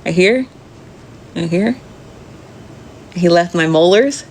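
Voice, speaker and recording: A woman's voice: fairly low pitch, animated, takes it slowly, darkish tone, a little hiss or hum. A woman hosting a casual live chat, reading viewer comments aloud and answering with chatty, profane, laughing asides. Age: adult. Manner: chatty, profane, laughs often, talks straight to viewers as "friend".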